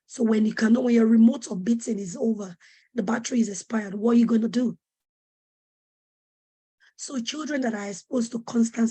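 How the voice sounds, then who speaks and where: A fairly high, husky woman's voice teaches parents in a webinar, pleading and pressing each point. She repeats her questions with urgent, preacher-like weight. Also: warm tone. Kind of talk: earnest teaching talk to parents.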